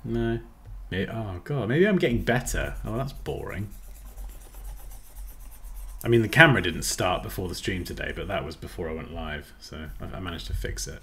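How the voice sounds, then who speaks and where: A man's voice: sits low, animated, moderate pace, vocal fry, fairly bright tone. A man chatting casually through a live design tutorial, self-mocking and easily distracted.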